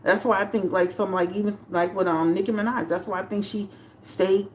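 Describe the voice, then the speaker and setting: A woman tarot reader chatting on a livestream to her viewers, animated and repetitive, full of fillers and restarts. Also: mid-range voice, fairly quick, slight background noise. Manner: animated, talks straight to chat, repeats herself with many fillers. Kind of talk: casual livestream commentary.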